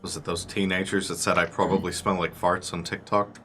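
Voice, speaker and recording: A man at a tabletop game, brash and jokey in casual banter. His voice is very deep, with faint music in the background. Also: level tone, a little fast, sharp tone. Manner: brash, joking. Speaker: player.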